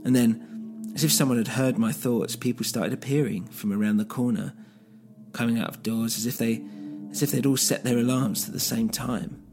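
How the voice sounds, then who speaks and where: Male narrator, first-person story, gravelly, steady, music bed. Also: mid-range voice, normal speed. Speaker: narrator and podcast host.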